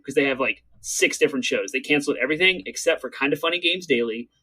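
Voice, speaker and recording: A man co-hosting a gaming podcast, talking earnestly and quickly in casual chat, urging listeners to act. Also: medium pitch, sharp tone, breathy edge, rough recording. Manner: earnest, talks quickly to get through points. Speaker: podcast co-host.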